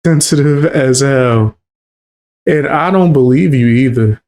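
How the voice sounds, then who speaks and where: A man's voice: mid-range voice, unhurried, a little mellow. A man streaming his reactions to a clip, talking bluntly and mockingly with lots of swearing. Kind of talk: casual reaction commentary.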